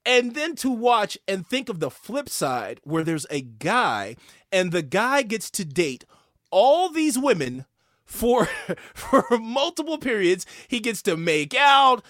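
A man hosting a casual interview, asking questions in an excitable, playful way. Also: high voice, slow, no echo, studio quality. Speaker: podcast host.

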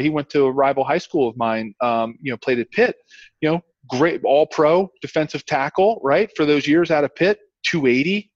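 A man in his fifties from Pennsylvania, a former pro football lineman telling stories in a casual interview, rambling and long-winded with many restarts and excited leaps in pitch. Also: dry recording. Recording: muffled, dry sound.

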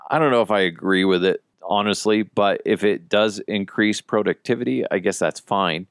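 A young man hosting a podcast, chatting casually and telling stories with a joking, animated manner. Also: fairly low pitch, normal speed, no room sound, clean studio sound. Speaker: podcast host. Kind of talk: casual chat.

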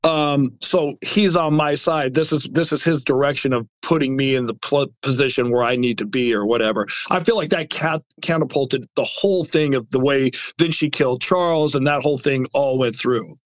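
A middle-aged man speaking as an interview guest, halting and repetitive as he talks about personal matters. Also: medium pitch, dry recording. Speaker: podcast guest, brother.

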